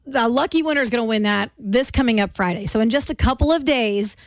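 A woman co-hosting a morning radio show in casual banter, bubbly and quick to laugh. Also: fairly high pitch, no room sound, clean studio sound. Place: radio studio. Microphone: studio microphone.

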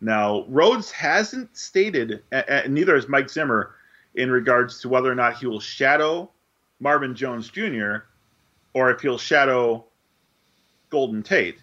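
Man, podcast co-host, measured and analytical, dull lo-fi sound. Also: mid-range voice, lively intonation, pushed and bright. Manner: analytical, measured, with frequent fillers. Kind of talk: casual sports podcast chat.

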